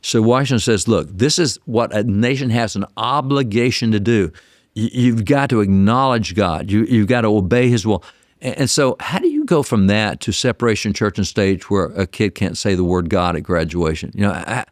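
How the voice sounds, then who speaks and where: Lower-voiced man telling history stories. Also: dry recording, clean studio sound. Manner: animated, repeats words when starting sentences. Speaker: guest historian. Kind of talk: interview storytelling.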